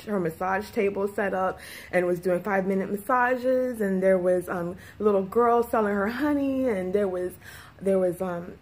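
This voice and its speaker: A woman's voice: medium pitch, a little mellow. A woman talks straight to her audience in a candid, unpolished vlog. She rambles, restarts her sentences and fills the gaps with ums. Emotion sits close to the surface, and she sounds near tears. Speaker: vlogger. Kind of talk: casual personal vlog talk.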